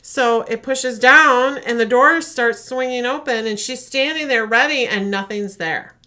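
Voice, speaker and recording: With a slightly high voice at a measured pace, a woman co-hosting a podcast recounts a horror short with animated energy, performing the voices as she goes.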